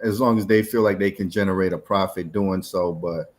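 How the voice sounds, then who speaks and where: A man's voice: low-pitched, steady tone, a little fast. A man co-hosting a casual tech podcast, talking in a thoughtful, musing way. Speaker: podcast co-host. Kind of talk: casual chat.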